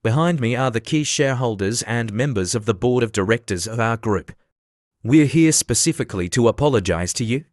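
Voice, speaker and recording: A man reading as an old airline chairman in a recap story, sharp with his staff and eager to please an important guest. The voice is dry and close, at a middling pitch, with little put-on change. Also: expressive, fairly quick, no room sound, natural voice. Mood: fawning. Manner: scolding, then fawning.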